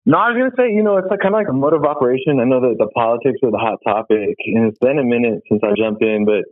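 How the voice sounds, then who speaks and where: A man's voice: mid-range voice, rapid-fire, no room sound. A man calling in to a talk show, laid-back, mixing Spanish into his English. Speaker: caller. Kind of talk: casual phone chat. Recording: tinny phone line.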